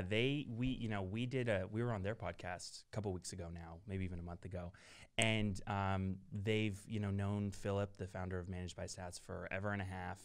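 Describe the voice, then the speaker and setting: A man hosts a laid-back podcast with a joking, easygoing manner. His voice is on the low side and smooth and clear. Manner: jokey and loose, laughs at his own slips. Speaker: podcast host. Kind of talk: casual podcast chat.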